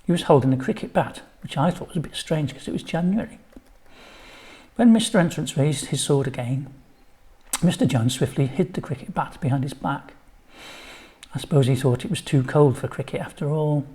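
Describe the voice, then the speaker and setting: Older man, storybook reader, slightly higher voice, chatty asides. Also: normal speed, a little mellow. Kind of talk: reading his own children's story.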